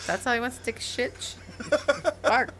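A woman's voice: a little high, moderate pace, a bit bright, slight background noise. A woman in her thirties in a casual chat, blunt and laughing often, swearing freely.

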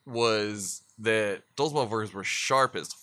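A man with a bright, forceful voice spins loose, profane stories in easy conversation, laughing between lines. The sound is dry and close, with no room around it. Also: fairly low pitch, measured pace, no echo. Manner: laid-back storyteller, swears constantly, laughs often. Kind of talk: casual chat.

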